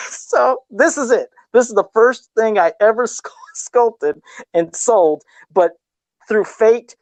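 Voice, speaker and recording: A man's voice: high voice, no echo. A man guest on a casual podcast, a custom figure sculptor who tells stories in a rambling, self-deprecating way and chuckles often.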